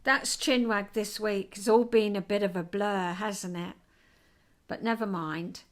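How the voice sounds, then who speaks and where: An older woman hosting a casual home vlog, chatty and rambling and quick to get excited. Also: mid-range voice. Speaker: vlog host.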